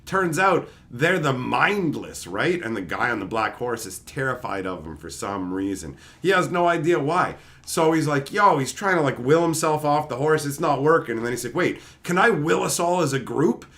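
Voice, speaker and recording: A man hosting his own channel, casually retelling a comic story in a rambling, profane, animated way. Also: medium pitch, normal speed, hardly any pauses. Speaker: channel host.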